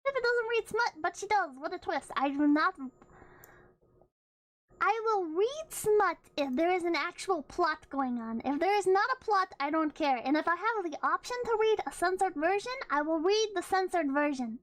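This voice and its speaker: A woman's voice: very high voice, lively intonation, normal speed, dry recording, rough recording. A young woman streamer chatting casually and playfully, rambling with restarts and freely swearing. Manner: playful, laughs often. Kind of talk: casual livestream chat.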